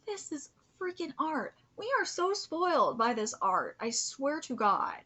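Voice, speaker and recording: A woman streaming a live manga reaction, gushing, cursing freely and often dropping into breathy whispers. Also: high-pitched, big pitch swings, unhurried, sharp tone. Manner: gushing, swears a lot, drops into whispers.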